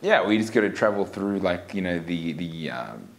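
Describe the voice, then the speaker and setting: A man's voice: sits low, expressive, moderate pace. Man tossing out dry, wry asides. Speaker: podcast co-host. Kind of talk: casual chat.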